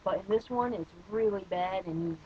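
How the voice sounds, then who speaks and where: A man's voice: high voice, normal speed, highs cut off, slight background noise. A man giving a casual spoken movie review, hesitant and rambling, with many fillers and blunt opinions.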